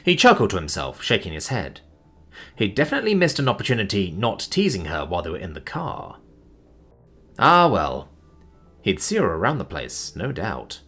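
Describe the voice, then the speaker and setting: A man narrating a science fiction story as an audiobook reader, with an expressive reading. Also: fairly low pitch, slightly rough.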